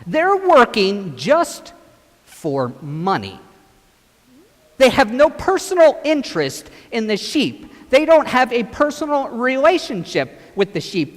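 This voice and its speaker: Brief: priest leading a children's gospel skit, high and very animated, long church echo. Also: male voice. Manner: animated storytelling, directing children. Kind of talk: children's sermon with acted gospel.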